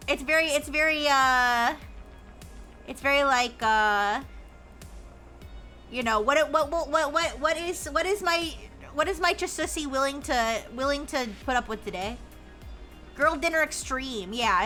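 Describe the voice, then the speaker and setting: High bright-voiced woman streamer rambling. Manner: rambling with many restarts and fillers; playful, plays a robot persona. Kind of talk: casual chat while gaming.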